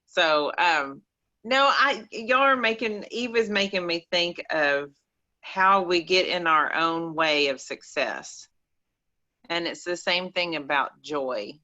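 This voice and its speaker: A woman with an East Texas accent talks in a bright, forceful voice, animated and rambling, folksy in her asides. She sits a little low in pitch for a woman, and the call audio comes through dull and lo-fi. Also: slow pace. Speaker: caller on a call-in show. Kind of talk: casual chat.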